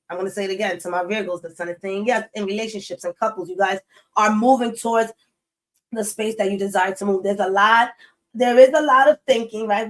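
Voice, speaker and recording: A woman's voice: fairly high pitch, low-quality recording. A woman doing a casual tarot reading for her viewers in a loose, chatty way. She talks bluntly, cusses freely and hammers her points home by repeating them. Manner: blunt, swears freely, emphatic repetition. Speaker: tarot reader.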